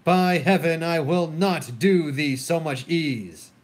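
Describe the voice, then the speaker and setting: Man reads guarded duke, curt refusals, highish tone. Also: takes it slowly. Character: guarded royal brother, a man. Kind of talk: solo dramatic reading of a play.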